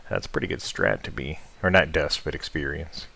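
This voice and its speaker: A man's voice: a bass voice, animated, a little fast, vocal fry, bright, forceful tone. A man streaming a game, chatting casually in a laid-back, slangy, rambling way. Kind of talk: casual live-stream chat.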